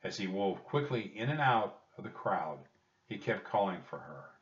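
A man reading a children's chapter book aloud with expressive storytelling. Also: on the low side, moderate pace. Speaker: audiobook reader. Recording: distant roomy dull home recording.

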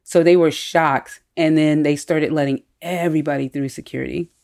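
A woman telling personal stories in a candid, animated way during a casual conversation. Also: sits low, moderate pace, gravelly.

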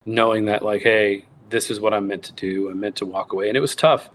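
Man acting out quoted voices in an animated story. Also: on the low side, brisk, slight background noise. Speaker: guest, wild game cook and recipe writer. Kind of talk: casual storytelling interview.

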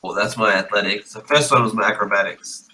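A man's voice: lowish voice, a little fast, background noise. A man playing a tabletop game, talking in a hesitant, playful way with many fillers. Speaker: player.

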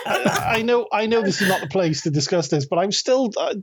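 A man's voice: high voice, lively intonation, brisk, heavy background noise. A man co-hosting a casual film podcast, wry and given to dry understatement. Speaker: podcast co-host.

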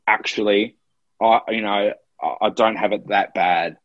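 A man's voice: on the low side, fairly even intonation, unhurried, no echo. Earnest Australian man, lo-fi sound. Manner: earnest and emotional, open storytelling. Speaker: podcast co-host. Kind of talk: casual chat. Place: Melbourne, in lockdown.

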